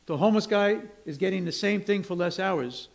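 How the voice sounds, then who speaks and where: A man's voice: high-pitched, brisk, gravelly. A man preaching as pastor, conversational, often checking in with his listeners and acting out complaining workers. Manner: conversational, asks the congregation "right?" often; acts out grumbling workers with raised voice. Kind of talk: sermon. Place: church sanctuary.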